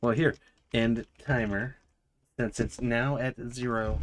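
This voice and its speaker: A woman's voice: rumbling low, fairly even intonation, slow. A woman hosting a game livestream, chatting casually and narrating what she clicks. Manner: laid-back, narrating game menus. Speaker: streamer host.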